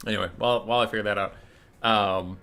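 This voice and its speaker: Man, gaming streamer, casual commentary, bright sharp voice, wry, easily distracted. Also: fairly low pitch, steady tone, fast talker, clean tone. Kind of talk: casual game commentary and storytelling.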